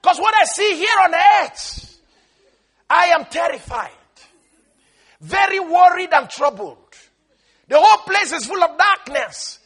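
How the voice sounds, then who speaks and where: A high, panicked cry from a terrified male Holy Spirit, as a preacher acts him out, loud and strained. He sounds frantic, bright and husky as he calls out. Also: animated, takes it slowly, long pauses, heavily acted. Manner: panicked, crying out.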